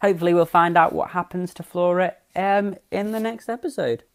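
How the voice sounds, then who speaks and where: A woman's voice: lowish voice, fairly quick. A young woman hosting a casual podcast, recapping a TV episode in a chatty, sarcastic way, swearing freely and wandering onto tangents. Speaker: podcast host.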